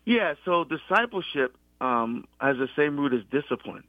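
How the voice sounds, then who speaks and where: A middle-aged deacon from the US East Coast in a conversational faith talk, telling his story with many restarts and animated quoted exchanges. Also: a little high, moderate pace, no room sound. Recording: dull lo-fi sound.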